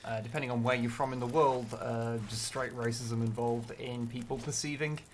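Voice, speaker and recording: A man chatting on a game livestream in a measured, thoughtful way, with frequent hesitations. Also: medium pitch, fairly even intonation, slight background noise. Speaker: streamer. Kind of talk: casual chat on a game livestream.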